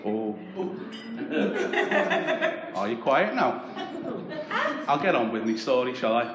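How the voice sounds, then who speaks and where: A man's voice: mid-range voice, animated, slow pace, highs cut off, a loud crowd. A man doing a brash, sweary stand-up comedy set in a club. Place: comedy club with a live audience. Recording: roomy club with audience noise.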